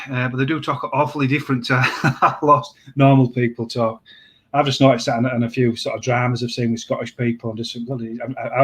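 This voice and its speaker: A man hosting a casual chat, talking in a rambling, halting way with many restarts. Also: medium pitch. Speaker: host.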